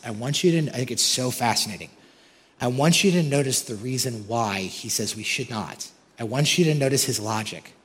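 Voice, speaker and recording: A male pastor preaches with lively, animated delivery. He talks straight to his congregation with frequent questions and lifts his voice sharply on quoted verses. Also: mid-range voice, in a large hall. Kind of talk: sermon.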